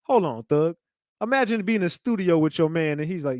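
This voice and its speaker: A man giving a casual commentary rant, animated and mocking, often breaking into laughter. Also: on the high side, a little fast, no room sound, studio quality. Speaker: commentary channel host.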